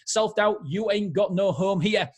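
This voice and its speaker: A man imitating a brash, profane male comedian who is loudly telling self-doubt to leave. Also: high voice, a little slow, slightly rough, voice pushed up. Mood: defiant. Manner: loud, defiant, profane.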